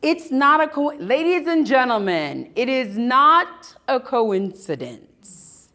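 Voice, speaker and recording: A woman giving a live talk at an expo, telling personal stories with emphatic, dramatic pauses. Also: sits high, sing-song, pushed and bright. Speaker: speaker at a spirituality expo. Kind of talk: live storytelling talk to an audience.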